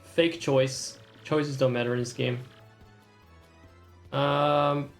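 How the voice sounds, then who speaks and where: A young man talks over a game with wry, sardonic asides and reads the dialogue aloud in put-on voices. His voice has a gravelly, fry-tinged edge. Faint game music plays behind him. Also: mid-range voice, takes it slowly. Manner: wry, sardonic running commentary. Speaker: streamer. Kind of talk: gaming stream commentary with voiced dialogue.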